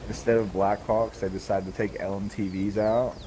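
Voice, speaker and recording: A man telling an army story in a casual chat, with swearing in almost every line. His voice sits low and sounds mellow and dark. A faint hiss sits under it. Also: little pitch movement, normal speed. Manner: profane storyteller. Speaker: guest, former soldier.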